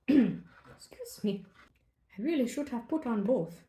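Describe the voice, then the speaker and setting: Playful woman, lively and echoey. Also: on the high side, normal speed. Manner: playful, often drops into a whisper. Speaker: book vlogger. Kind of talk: casual chat while baking. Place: home kitchen. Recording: echoey kitchen.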